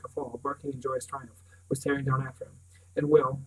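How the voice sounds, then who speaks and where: A man's voice: mid-range voice, level tone, brisk, breathy edge, low-quality recording. A man reading a novel aloud as narrator, now and then stumbling and restarting words. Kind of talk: audiobook reading.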